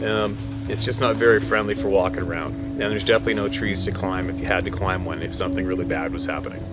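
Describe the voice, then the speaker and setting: A man working as a hunting guide, telling a wild story in a casual, animated way and swearing freely. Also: low-pitched, quick pace, over music.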